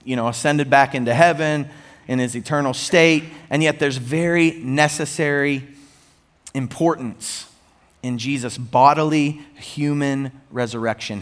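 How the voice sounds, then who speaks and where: A man preaching a sermon as pastor, animated with rising emphasis and conversational asides to the congregation. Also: medium pitch.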